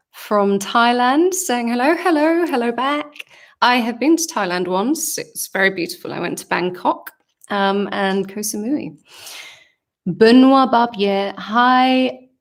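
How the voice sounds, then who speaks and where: A woman with a southern English accent, chatting casually on a livestream Q&A, reading fan comments aloud and answering in a reflective, hesitant way with many ums. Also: fairly high pitch. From England. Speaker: singer answering fan questions.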